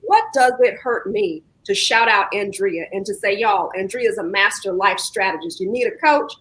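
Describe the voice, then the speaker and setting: A woman hosting a live online talk show over a video call, chatting warmly and encouraging her guest. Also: mid-range voice, normal speed, rough recording. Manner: warm churchy encouragement, says y'all often. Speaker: host.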